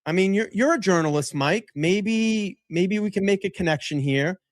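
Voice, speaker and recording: A man chatting on a podcast, heckling and swearing freely in an animated way. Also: high-pitched, moderate pace, no echo. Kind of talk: casual podcast chat.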